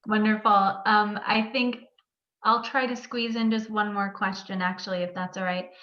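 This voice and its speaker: A woman moderates an online author talk, polite and measured as she thanks the guest and reads out audience questions. Her voice comes through a roomy, muffled video-call line with some echo and dull highs. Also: level tone, bright, forceful tone.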